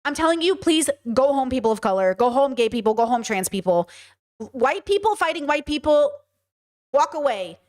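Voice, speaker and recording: A woman's voice: high voice, sing-song, normal speed, a little mellow. A woman hosting a live stream, reacting to protest footage with blunt, profane commentary that repeats points for emphasis. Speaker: host.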